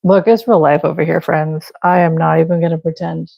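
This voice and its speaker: A woman's voice: low-pitched, fairly even intonation, fairly quick, gravelly, highs cut off, a little hiss or hum. A young woman hosting a live crochet stream, chatting casually and laughing at herself while she works. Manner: chatty, self-deprecating, talks to viewers while working. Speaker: livestream crochet host.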